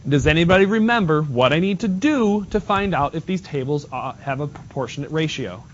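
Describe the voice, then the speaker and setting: Male math teacher, somewhat high voice, brisk classroom delivery, dull lo-fi recording with faint hiss. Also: animated. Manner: brisk, asks students questions, repeats points.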